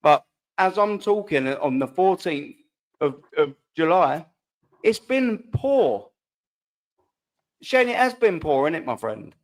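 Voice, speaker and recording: A man hosting a football fan panel, animated and frustrated, with lots of conversational asides. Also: a little high, slow, pauses often. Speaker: host.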